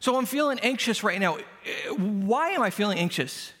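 This pastor's voice sits high, animated and fairly bright, at normal speed, as he delivers a conversational, self-deprecating sermon illustrated with everyday stories. He's in a church sanctuary, and the recording carries a long church-hall reverb.

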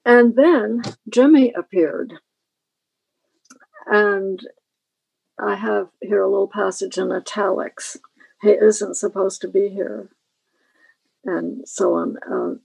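A woman's voice: mid-range voice, fairly even intonation, a little mellow, dry recording, poor audio. An older woman author with a Kentucky accent, speaking as a guest and talking about her novel. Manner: slow, gravelly reading voice. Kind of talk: interview and reading from her novel.

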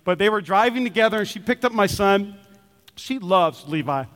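A man's voice: high-pitched, lively intonation, normal speed, a bit bright. A man preaching a Sunday sermon as pastor, talking animatedly and acting out the voices of the people he quotes. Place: church auditorium. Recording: long reverb of a large hall.

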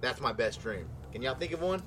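A man's voice: mid-range voice, lively intonation, brisk, a bit bright, slight background noise. A man hosting a casual podcast, telling a long story in a rambling way, swearing freely and a little tipsy. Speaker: podcast host. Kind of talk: casual chat.

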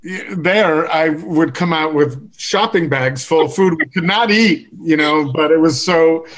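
A man hosting a podcast, asking questions in a halting way with many fillers. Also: fairly high pitch, a bit bright. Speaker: podcast host. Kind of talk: casual podcast interview.

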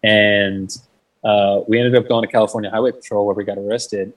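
A man's voice: lowish voice, flat delivery, a little fast, distant mic, poor audio. A young man telling a story in a casual interview. He swears freely, fills his talk with "like", and acts out the voices of the people he quotes. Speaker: guest. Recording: mic set back from the speaker.

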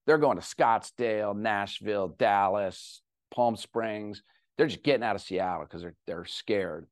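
A middle-aged man giving a talk to an audience, telling a personal story with animated, self-deprecating humor. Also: fairly low pitch, a little slow, no echo, studio quality. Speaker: guest speaker.

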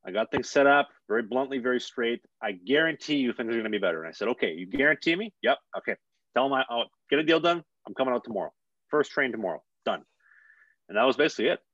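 A man's voice: mid-range voice, fast, no echo, lo-fi sound. A young man, a hockey player, telling a story in a casual podcast chat, rambling and acting out what people said. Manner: rambling, animated, acts out quotes.

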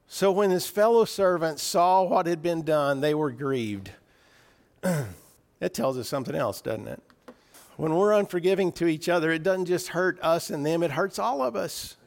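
A man with a fairly high voice preaches an earnest sermon. He talks through the passage plainly, repeating and restarting phrases as he works toward his point.

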